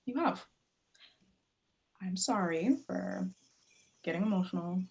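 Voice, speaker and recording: A woman's voice: on the low side, takes it slowly, creaky. A woman playing a defiant young woman grieving her mother, blunt and guarded, read over a video call. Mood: softening. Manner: guarded, blunt, sharp-tongued. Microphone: video call mic.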